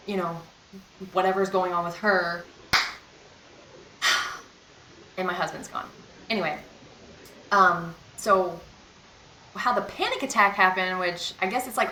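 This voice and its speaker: A woman's voice: medium pitch, bright, forceful tone, a little hiss or hum. Rambling young woman, echoey room. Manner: rambling, lots of fillers and self-quoting. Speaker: vlogger. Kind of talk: casual storytime chat.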